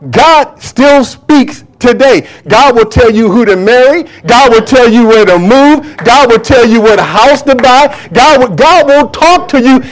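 A male pastor with a high-pitched voice preaching in church with fervent energy. He repeats his phrases for emphasis and keeps asking the congregation questions as he drives his points home. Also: moderate pace, hardly any pauses. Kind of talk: preaching a sermon.

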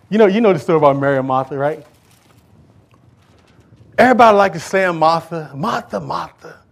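High-voiced man preaching an emphatic sermon. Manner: emphatic preaching with rising, loud call-outs; colloquial, conversational asides to the congregation. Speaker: pastor.

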